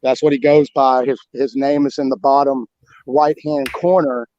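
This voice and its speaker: A man talking about his book as a guest in a casual interview, rambling and animated, with many restarts and fillers. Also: medium pitch, normal speed, no echo, dull audio. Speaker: guest author.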